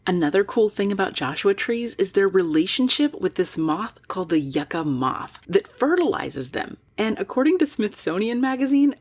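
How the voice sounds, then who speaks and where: A woman's voice: medium pitch, sing-song, moderate pace, few pauses, a little mellow. A woman hosting a nature podcast, narrating in a scripted but chatty and playful way. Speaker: podcast host.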